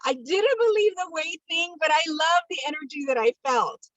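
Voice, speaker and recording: A woman's voice: extremely high pitch, lively intonation, normal speed, fairly bright tone, no room sound. A woman in her fifties from California sharing a personal testimonial on a video call, chatty and emotional with many ums. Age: 50s. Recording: dull video call audio.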